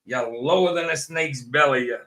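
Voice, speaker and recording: Brief: British man voicing an insulting western cowboy, mock American drawl, slow and gruff. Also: mid-range voice, fairly bright tone, voice pushed up, natural voice. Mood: taunting.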